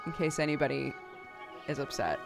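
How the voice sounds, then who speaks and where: A young woman with a low voice reads a story game's narration aloud. Now and then she breaks off for playful, laughing side comments, with faint music under her voice. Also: animated, fairly quick, vocal fry. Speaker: streamer.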